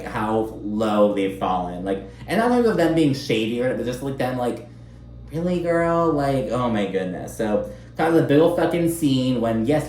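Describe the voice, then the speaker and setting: A young man giving a casual, profane, catty recap of a reality show, with sudden pitch jumps when he mocks people. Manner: profane, catty, animated with mocking quoted voices. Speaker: recap commentator. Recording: echoey room.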